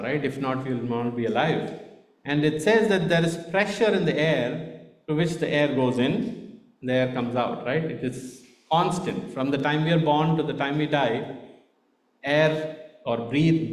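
A man's voice: fairly high pitch, echoey room. A man with an Indian accent giving a conversational sermon, often checking in with "right?". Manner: conversational, frequent "right?" tags. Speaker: preacher.

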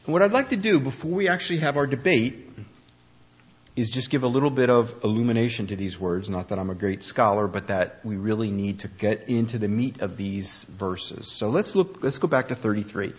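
A man preaching a conversational sermon, telling the story with animated, acted-out speech. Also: medium pitch, brisk, breathy edge. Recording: dull lo-fi recording.

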